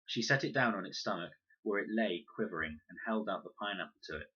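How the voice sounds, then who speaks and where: A man reading a children's novel aloud in an expressive, animated way. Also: low voice, a little fast, husky. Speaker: storybook reader. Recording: dull lo-fi recording.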